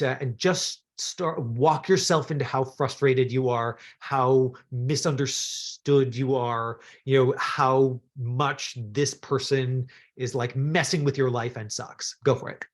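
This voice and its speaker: A man's voice: mid-range voice, fairly even intonation, a little slow, hardly any pauses. A man from Canada coaching actors through self-tapes in a chatty, encouraging way, with plenty of fillers. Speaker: acting coach. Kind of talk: acting workshop instruction.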